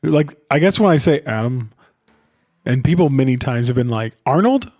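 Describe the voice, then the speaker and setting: A man's voice: mid-range voice, normal speed, darkish tone. Laid-back man co-hosting a film podcast. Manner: laid-back, loose, says dude a lot. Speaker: podcast co-host. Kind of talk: casual film chat.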